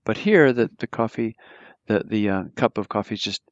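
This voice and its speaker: A man's voice: fairly low pitch, expressive, moderate pace, no room sound, highs cut off. A man teaching a German grammar lesson, explaining patiently with lots of fillers and restarts. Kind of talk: live online grammar lesson.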